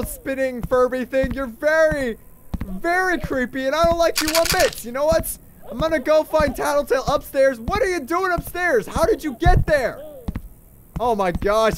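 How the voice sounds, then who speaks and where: High-voiced sarcastic young gaming host. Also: male voice, noisy background. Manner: sarcastic, jittery play-by-play. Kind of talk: let's play commentary.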